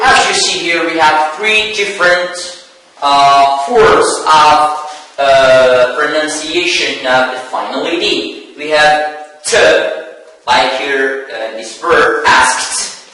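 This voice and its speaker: A man teaching an English lesson, explaining slowly and deliberately, with frequent "uh" fillers. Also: a little high, bright, forceful tone. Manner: slow and deliberate, many fillers, explaining step by step. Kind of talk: classroom lesson on a web TV channel. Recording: very echoey room, voice far from the mic.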